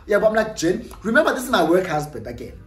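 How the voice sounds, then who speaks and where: A young adult YouTuber with a South African accent, telling a storytime in an animated, gossipy way and dropping in Xhosa phrases and tag questions. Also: medium pitch, racing. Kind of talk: storytime vlog. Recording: roomy echo with faint music.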